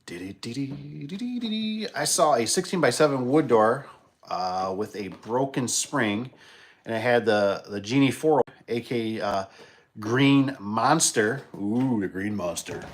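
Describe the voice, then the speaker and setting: A man's voice: mid-range voice, unhurried. A man who installs garage doors, casually telling a rambling work story on a livestream, full of restarts and acted-out dialogue. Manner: rambling, animated retelling with many restarts.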